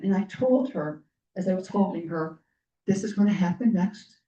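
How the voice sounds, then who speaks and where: A woman guest speaker telling personal stories to a group, earnest and clearing her throat often as her voice gives out. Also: fairly low pitch, moderate pace, dark tone. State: losing her voice. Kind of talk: personal storytelling talk. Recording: roomy, distant, dull lo-fi sound.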